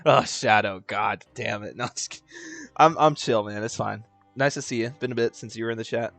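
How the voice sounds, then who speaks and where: A man's voice: fairly low pitch, a little fast, gravelly, fairly bright tone, no echo, soft background music. A young man live-streaming a video game, joking, swearing freely and chatting with his viewers. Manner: joking, profane, laughs a lot, talks to chat. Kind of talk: casual live-stream commentary.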